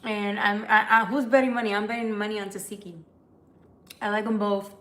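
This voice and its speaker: An American woman live-streams as a tarot reader, chatting casually and profanely with viewers and reading their comments aloud. Her voice is medium-pitched and a bit bright, with a flat delivery at a slightly fast pace.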